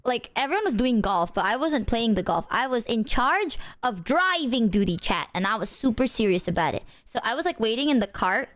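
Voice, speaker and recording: A woman's voice: a little high, brisk, hardly any pauses. A woman streamer in casual chat, laughing often and talking animatedly. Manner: giggly, animated, acts out quotes.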